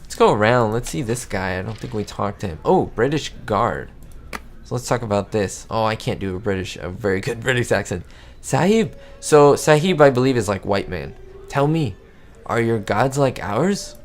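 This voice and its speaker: A man giving excitable, easily amazed commentary as he plays a video game. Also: lowish voice, a little fast, a little hiss or hum. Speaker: gamer.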